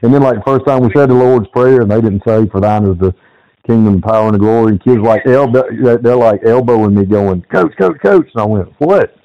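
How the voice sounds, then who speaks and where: A man's voice: on the low side, steady tone, a little fast, no room sound. A man hosting a casual interview, a football coach who laughs along and tells short stories of his own. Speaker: podcast host, football coach. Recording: dull lo-fi dry sound.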